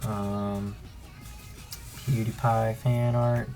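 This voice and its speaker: A young man in his own casual commentary as he pages through an old sketchbook, relaxed and rambling with frequent ums. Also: lowish voice, extremely slow, over loud music. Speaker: artist and channel host.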